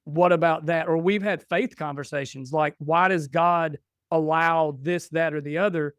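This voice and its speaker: A man's voice: a little high, fairly even intonation, moderate pace, fairly bright tone, smooth, no room sound. A man in his forties, a podcast guest, telling family stories casually and acting out what was said back and forth. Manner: chatty, restarts and quotes himself. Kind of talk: casual storytelling.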